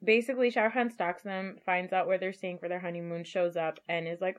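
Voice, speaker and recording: A woman co-hosting a casual film chat, animated and laughing, acting out scenes from the movie as she retells it. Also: lowish voice, a little fast, hardly any pauses, highs cut off. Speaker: podcast co-host.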